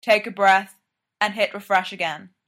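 A woman voicing a steady, dry young businessman friend, calm and wry. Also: mid-range voice, normal speed, lightly acted.

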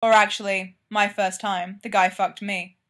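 A woman's voice: mid-range voice, level tone, moderate pace, fairly bright tone, natural voice. A woman reading aloud, voicing a blunt young man who swears casually and sounds weary in a fan fiction story. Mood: candid.

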